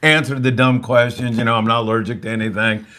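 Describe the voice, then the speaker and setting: A man's voice: medium pitch, fairly even intonation, quick pace, sharp tone. An older man hosting a live fishing show, joking around and reading out viewer comments in casual chat. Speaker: host.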